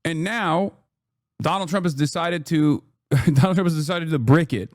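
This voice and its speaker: A political streamer in his thirties reacts to news live, ranting sarcastically and with profanity in casual commentary. His voice is fairly high with a darkish tone at normal speed, and the sound is clean studio audio with no room sound.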